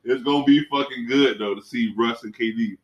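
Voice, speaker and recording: A man's voice: medium pitch, a little fast. A man in a casual sports chat, joking loosely and laughing easily. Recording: echoey room.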